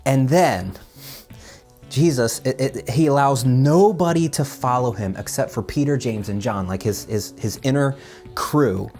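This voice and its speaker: A man teaching a children's Bible lesson in a casual, animated storytelling way, with big swings in pitch. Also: a little slow, soft background music. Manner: casual, with fillers and restarts. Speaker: children's minister.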